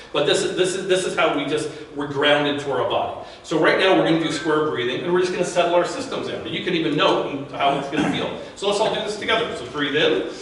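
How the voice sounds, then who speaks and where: A man speaks in a fairly high voice to a business audience at an event, in a loose, conversational way, often restarting and repeating words. He sounds distant from the microphone. The room is very echoey, with faint background noise. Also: a bit bright. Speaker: guest speaker. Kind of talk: live talk to a business audience.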